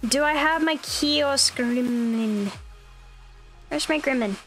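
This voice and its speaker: A woman's voice: high voice, slow pace, a bit bright, soft background music. A young woman streamer chatting casually, upbeat and rambling with plenty of fillers. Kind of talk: casual chat.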